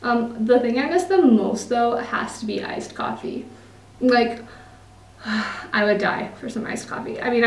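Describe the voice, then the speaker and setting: A woman's voice: fairly high pitch, gravelly, echoey room, recorded from a distance, slight background noise, poor audio. A young woman from Utah with an American accent, chatting casually to camera in a vlog, laughing often and using lots of fillers. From Utah, United States. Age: young adult. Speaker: vlogger.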